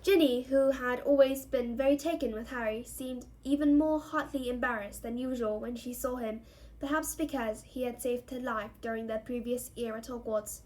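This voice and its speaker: A woman reading a novel aloud in a steady storytelling manner, giving each character a voice. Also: fairly high pitch, moderate pace. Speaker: reader.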